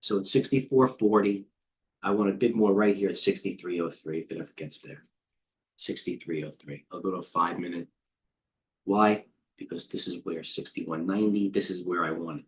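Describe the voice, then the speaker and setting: A middle-aged man coaching traders, talking in a quick, scattered way and thinking out loud with lots of asides. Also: low voice. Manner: rapid, scattered thinking aloud with many asides. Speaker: trading coach and host. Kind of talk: live market commentary.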